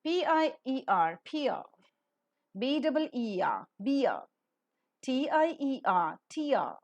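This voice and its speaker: A woman's voice: high-pitched, big pitch swings, slow pace, lo-fi sound. A woman teaching a scripted phonetics lesson. She spells words out letter by letter and then says each one carefully. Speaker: pronunciation teacher.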